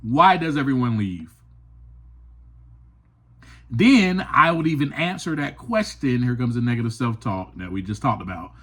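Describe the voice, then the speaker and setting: An earnest man talks slowly through a personal story on his podcast, his voice swooping widely from high, passionate peaks to low, quiet asides. He is emphatic and open. He takes his time over each thought. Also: animated, slightly rough. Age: adult. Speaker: podcast host. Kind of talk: personal reflective monologue.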